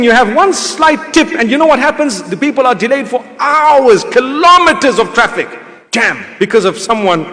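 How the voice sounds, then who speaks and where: A middle-aged man, an Islamic preacher, telling a personal story in a sermon with animated humor. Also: high-pitched. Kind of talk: sermon told as a personal anecdote. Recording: long reverb of a lecture hall.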